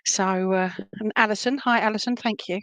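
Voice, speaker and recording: A woman's voice: medium pitch, steady tone, normal speed, fairly bright tone, no echo. A woman with an Essex accent giving live readings as a medium, chatting casually with many fillers and restarts while she reads viewer comments aloud.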